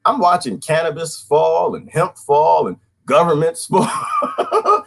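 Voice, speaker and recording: A man's voice: a little high, sing-song, slow pace, gravelly, fairly bright tone. A man in his twenties ranting casually on a livestream, slangy and laughing often. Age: 20s. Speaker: vlogger.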